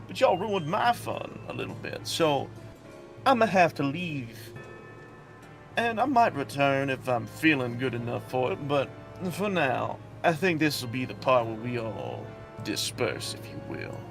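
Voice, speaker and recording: A man's voice: mid-range voice, very animated, a little slow, vocal fry, soft background music. A man voicing a smug, theatrical male villain who brings calamity, with a gloating, mocking delivery. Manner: gloating, mocking farewell speeches.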